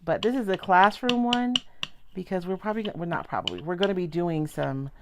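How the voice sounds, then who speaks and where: Middle-aged woman, chatty livestream craft host, low gravelly voice. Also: expressive, fairly quick, background noise. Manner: chatty, rambling, self-interrupting. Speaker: craft product demonstrator. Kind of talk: casual livestream craft demo. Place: home craft table.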